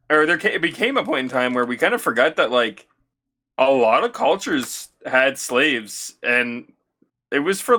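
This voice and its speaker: A man co-hosting a casual podcast who talks haltingly, repeats words and swears casually. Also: mid-range voice, sharp tone. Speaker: podcast co-host. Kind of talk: casual gaming podcast chat.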